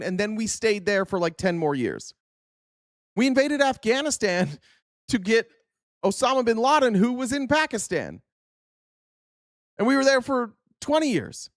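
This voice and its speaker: A man's voice: sits high, no echo, studio quality. A man hosting a political commentary show, ranting in a heated, profane and insistent way. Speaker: host.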